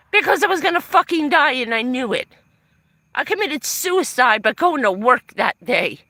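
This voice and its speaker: A woman's voice: sits high, very animated, moderate pace, pushed and bright, dry recording. A woman ranting angrily on a live stream, swearing heavily and sounding aggravated and aggrieved, filmed on a phone in a van. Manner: heavy swearing, furious and aggrieved. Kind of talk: angry live-stream rant.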